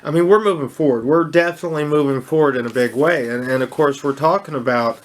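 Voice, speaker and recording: A man's voice: fairly high pitch, quick pace. A man hosting a crypto channel, talking off the cuff with lots of restarts and fillers, upbeat and enthusiastic. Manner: rambling, with many restarts and fillers. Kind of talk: casual unscripted commentary.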